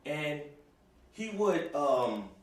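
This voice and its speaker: Young guy ranting for laughs, keeps saying you know, sounds far off from the mic in a boomy room. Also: very animated, drawn-out words, very echoey. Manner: rambling, full of "you know", repeats himself. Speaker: host. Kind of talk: comic rant to camera.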